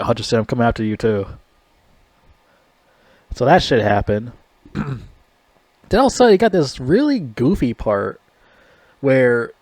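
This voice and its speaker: A man casually reviewing a movie in a rambling, profane way, getting loud and animated when he is outraged. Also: mid-range voice, no echo.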